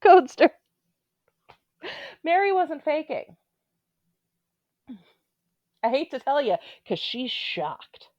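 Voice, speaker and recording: A woman's voice: sits high, sing-song, takes it slowly, long pauses, no room sound, lo-fi sound. A woman giving casual, opinionated commentary on a reality show, with blunt, sarcastic asides.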